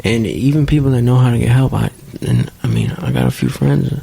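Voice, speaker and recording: A young man speaking as a podcast guest in a candid, earnest conversation, halting often and leaning on "you know". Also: medium pitch, huge pitch swings, vocal fry, dark tone, slightly rough. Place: home basement studio.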